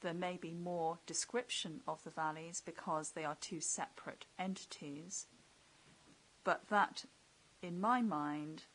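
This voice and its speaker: A woman giving evidence as an expert witness at a public inquiry, firm and clear in disagreeing. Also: lowish voice, steady tone, a little slow, fairly bright tone, low-quality recording. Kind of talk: inquiry testimony.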